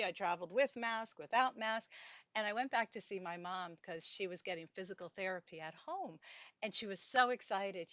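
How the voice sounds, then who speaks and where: A woman's voice: mid-range voice, a bit bright, no room sound, highs cut off. An older woman from Pennsylvania doing a stand-up comedy routine, telling chatty stories with playful punchlines.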